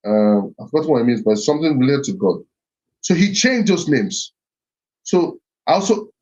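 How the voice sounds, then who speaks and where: In a slightly muffled recording, a middle-aged man reflects earnestly on heritage and identity. His voice is a little high with a darkish tone, and he frequently circles back, repeating himself and starting phrases over.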